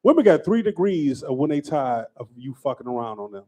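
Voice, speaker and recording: A man hosting a stand-up comedy show, doing crowd work and joking loudly between acts. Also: medium pitch, big pitch swings, a little fast. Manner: loud, laughing, banters with the crowd.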